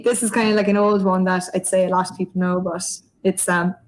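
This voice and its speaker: A woman's voice: fairly low pitch, little pitch movement, brisk, rough recording. An Irish woman talks through a whiskey tasting in an easy, chatty way, her explanations rambling along in long runs with plenty of fillers. She is heard over a video call. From Ireland. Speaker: guest whiskey ambassador. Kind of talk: livestream tasting chat.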